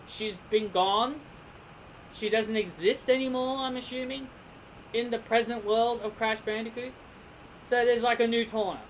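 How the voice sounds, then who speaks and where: A man's voice: sits high, fairly bright tone, a little hiss or hum, poor audio. A man with an Australian accent giving a casual spoken game review, rambling and speculating as he thinks aloud.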